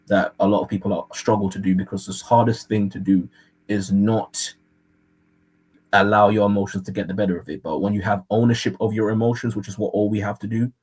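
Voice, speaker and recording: A man's voice: low voice, a little mellow, breathy edge, poor audio. A man co-hosting a podcast, speaking thoughtfully in casual discussion and quoting scripture. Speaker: podcast co-host.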